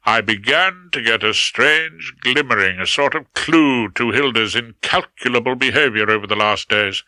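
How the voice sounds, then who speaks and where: A man's voice: medium pitch, normal speed, few pauses, pushed and bright, no echo, poor audio. A man reading a first-person audiobook with wry, dry humour. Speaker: audiobook narrator.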